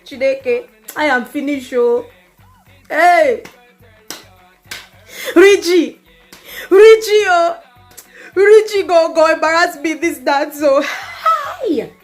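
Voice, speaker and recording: A woman voicing a jealous, fiery young woman in a comedy skit, loud and confrontational. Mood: wailing. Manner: confrontational and shrill.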